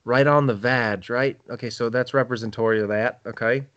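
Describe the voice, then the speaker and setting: A man's voice: mid-range voice, fairly even intonation, a little fast, a bit bright, dry recording, lo-fi sound. Profane, rambling young man, dry sound. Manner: rambling, profane, jokey, laughs a lot. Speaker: podcast co-host. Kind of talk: crude casual chat.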